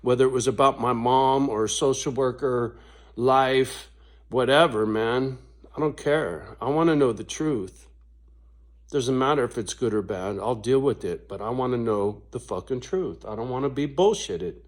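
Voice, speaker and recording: A man ranting in a casual vlog monologue, swearing constantly and laughing between his points, with sudden high-pitched outbursts. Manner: slow, drawn-out delivery with big pitch swings. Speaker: vlogger.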